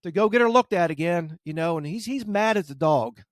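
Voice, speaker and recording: A man's voice: sits high, a little fast, dry recording, studio quality. A man who trains dogs, hosting a podcast and telling a casual story, acting out what people said. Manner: animated anecdote, acts out quotes. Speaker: dog trainer, podcast host.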